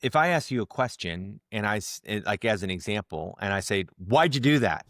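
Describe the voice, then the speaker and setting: Animated man explaining with examples. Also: on the low side, brisk, dry recording, clean studio sound. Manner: animated, explains through examples and acted-out tones; many restarts and repeated words. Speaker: guest, leadership communication coach. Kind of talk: casual podcast interview.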